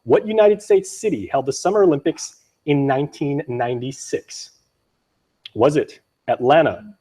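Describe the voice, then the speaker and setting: A young man from Guam hosting a news show, quick and joking as he runs a trivia quiz. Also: fairly high pitch, dark tone, slightly rough. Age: young adult. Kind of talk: lively on-air quiz banter.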